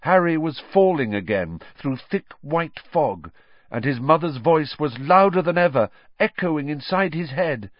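A man narrating a fantasy story aloud with expressive, storytelling delivery, on a dull, dry recording. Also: a little high, unhurried, no room sound. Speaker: audiobook narrator. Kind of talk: scripted narration. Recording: dull, dry studio audiobook.

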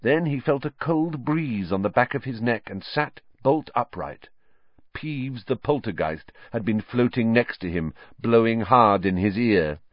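A man narrating a novel as an audiobook in an expressive storytelling way. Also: mid-range voice, measured pace, no echo, lo-fi sound. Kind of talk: scripted narration.

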